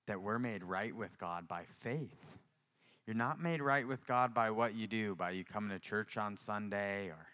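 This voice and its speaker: A young man from Louisiana preaches his testimony with passion, his clear, resonant voice swelling into loud cries and sinking to hushed whispered prayers. His tone is bright and forceful, sitting a little low. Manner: impassioned, swings between loud outbursts and whispered prayers. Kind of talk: testimony sermon.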